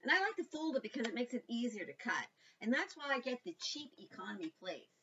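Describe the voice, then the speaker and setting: A woman leading a children's storytime and craft lesson, animated and sing-song, talking directly to small children. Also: fairly high pitch, a little fast, far from the mic, muffled recording, slight background noise. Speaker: children's librarian.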